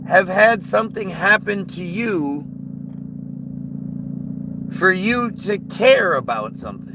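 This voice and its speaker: A man's voice: high-pitched, animated, slow pace, background noise. A man ranting heatedly and profanely on a livestream, reading chat and often restarting his sentences. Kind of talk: casual livestream rant.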